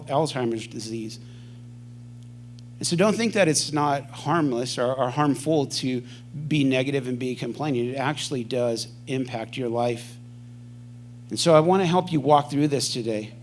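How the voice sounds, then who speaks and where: A man's voice: mid-range voice, a little hiss or hum. A middle-aged man preaching a sermon as a pastor, talking conversationally and acting out everyday people. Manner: conversational, acts out everyday voices.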